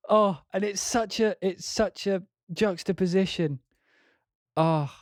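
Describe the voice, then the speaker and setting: A man's voice: high voice, slow, dry recording, studio quality. A young man chatting casually on a live stream, giggling and swearing as he talks to himself while he works.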